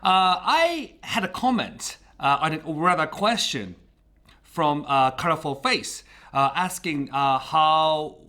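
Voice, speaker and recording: Japanese man, vlog host teaching a phrase; slightly high voice, very expressive pitch, halting delivery. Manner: halting, pauses often mid-sentence. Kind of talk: casual vlog lesson.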